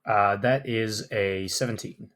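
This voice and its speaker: A man's voice: lowish voice, fairly even intonation, takes it slowly, a bit bright. Earnest, hesitant tabletop player man. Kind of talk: playing a tabletop game.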